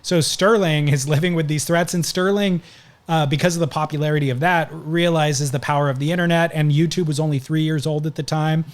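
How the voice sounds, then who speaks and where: A man's voice: on the high side, fairly even intonation, fairly quick. Man telling a long story on a podcast. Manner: recounting stories at length, conversational. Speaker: podcast host. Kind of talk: casual podcast chat.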